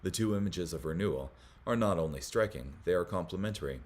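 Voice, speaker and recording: A man hosting a Bible study, reading commentary aloud in a measured way, with small slips that he corrects as he goes. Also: low-pitched, lively intonation, darkish tone.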